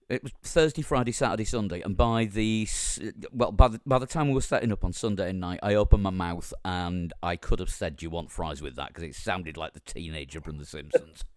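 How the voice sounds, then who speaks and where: A man hosting a casual podcast with a croaky, strained voice, joking and laughing often between his ums. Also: fairly low pitch, big pitch swings, normal speed, a little mellow, no echo, studio quality. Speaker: podcast host.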